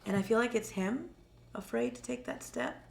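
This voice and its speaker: A woman co-hosting a live stream of psychic readings, speaking quietly and a little hesitantly because her throat is sore, often repeating words as she searches for her impressions. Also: a little high, normal speed, vocal fry. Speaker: psychic reader, co-host.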